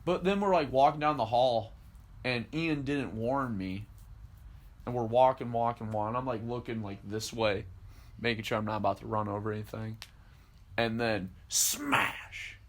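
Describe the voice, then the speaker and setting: A young man on a podcast, spinning a story in a relaxed, animated way. He acts out what people said and swears casually, laughing along as he goes. His voice sits in a middle register. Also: medium pitch, moderate pace. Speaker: podcast co-host.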